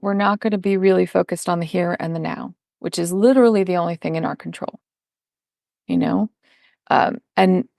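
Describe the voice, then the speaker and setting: Emphatic woman with a gravelly edge. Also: medium pitch, darkish tone, dry recording, studio quality. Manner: emphatic, explanatory, acts out quoted voices. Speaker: parenting coach, podcast guest. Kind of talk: conversational interview.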